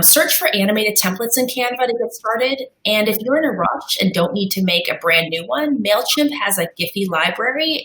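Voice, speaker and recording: Woman, webinar presenter, upbeat, some fillers, mid pitch, roomy echoey sound. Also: sharp tone. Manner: upbeat, walks through slide examples with fillers. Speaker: marketing webinar panelist. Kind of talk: presenting tips on a live webinar.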